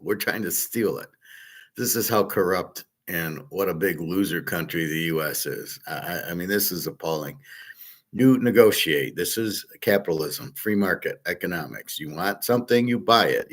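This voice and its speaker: A man's voice: low voice, moderate pace, a bit bright. A man hosting his own commentary show, ranting in an indignant, profane monologue. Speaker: host of a betting and gold commentary show. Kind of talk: opinion monologue.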